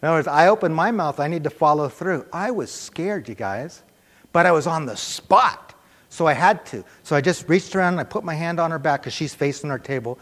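A middle-aged man preaching a sermon in a conversational, animated way, telling a personal story and acting out the voices in it. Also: a little high, fairly quick. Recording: reverberant church hall.

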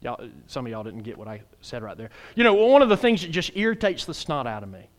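A man preaching a sermon in a folksy, playful way, swinging from hushed tones to shouts. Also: medium pitch, big pitch swings, fast talker. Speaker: pastor.

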